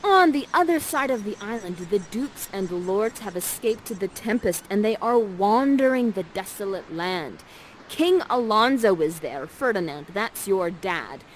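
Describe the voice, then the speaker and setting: A woman's voice: medium pitch, slight background noise, rough recording. A woman acting as guide, directing participants through an interactive theater scene in an upbeat, theatrical way. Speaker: actor guiding participants through an interactive show.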